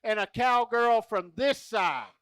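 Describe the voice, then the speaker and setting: A man entertaining a rodeo crowd with a strikingly high voice. He talks slowly and clearly, folksy and joking as he coaxes children along. The sound is close and dry. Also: animated, a bit bright, no echo. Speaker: rodeo entertainer running a kids' contest. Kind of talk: lively arena crowd-work. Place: rodeo arena.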